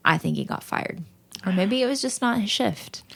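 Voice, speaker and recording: A woman co-hosting a podcast, telling stories in lively casual chat, laughing often and acting out what people said. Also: mid-range voice, moderate pace, creaky, breathy edge. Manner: animated storytelling, laughs often, quotes people in dialogue. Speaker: podcast co-host.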